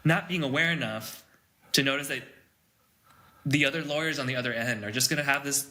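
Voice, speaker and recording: Bright, ranting male podcast co-host. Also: medium pitch, brisk. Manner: ranting, swears freely. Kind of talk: casual podcast chat.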